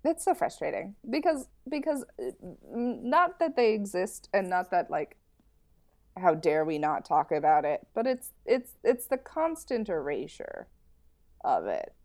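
A woman's voice: medium pitch, very animated, a little slow, darkish tone. A young adult woman co-hosting a podcast, talking emphatically in casual chat and repeating phrases for effect. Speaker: podcast co-host.

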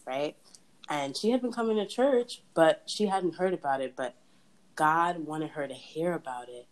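Young woman host, low voice, chatty faith talk full of laughs and restarts. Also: lively intonation, moderate pace, low-quality recording. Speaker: podcast host. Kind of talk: casual faith chat.

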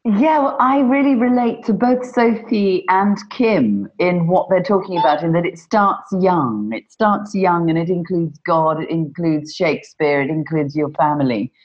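A woman with a notably low voice tells her story in an earnest, reflective way. The sound is a little dull and lo-fi, as if recorded at home. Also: unhurried, hardly any pauses. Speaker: panel guest, performer. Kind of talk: casual conversation. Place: home during lockdown.

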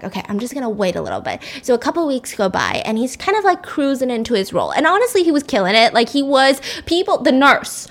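Chatty woman telling a spooky story. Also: high voice. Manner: chatty, swears, laughs, voices the characters. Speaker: podcast host. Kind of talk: casual storytelling.

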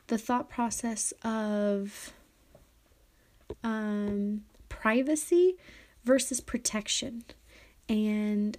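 A woman's voice: medium pitch, a little mellow. A young woman hosting a solo podcast, chatting casually and reading articles aloud, rambling with many fillers and self-corrections. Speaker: podcast host.

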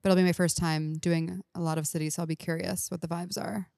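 A woman's voice: lowish voice, little pitch movement, fast, gravelly, darkish tone, dry recording, studio quality. A woman comedian as a podcast guest, chatting in an upbeat way and laughing easily. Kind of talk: casual chat.

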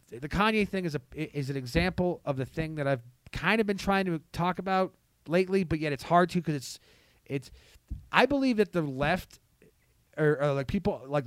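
A man in a casual podcast chat, rambling and heated with heavy swearing, saying he is high. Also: no echo.

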